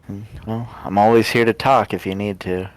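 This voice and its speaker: Man doing a gentle, low-voiced crewmate. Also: steady tone, moderate pace, dry recording, natural voice. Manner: gentle, easygoing, chuckling. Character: kind male crewmate, gentle and teasing.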